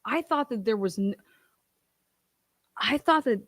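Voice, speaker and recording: A woman's voice: fairly high pitch, expressive, unhurried, no echo. A woman hosting a commentary channel, ranting in a profane, combative way and acting out other people's voices. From Ohio.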